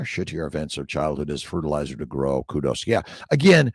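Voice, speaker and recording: A man's voice: deep voice, expressive, moderate pace, hardly any pauses, no echo, clean studio sound. A middle-aged man, a doctor hosting a morning livestream, talking loosely and repetitively as he reads viewer comments, preachy and casually swearing.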